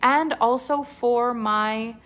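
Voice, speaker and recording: An enthusiastic woman coach talks her class through voice exercises in a loose, chatty ramble. Her voice sits a little high for a woman. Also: slow pace, a bit bright. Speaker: voice acting coach. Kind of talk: live online class.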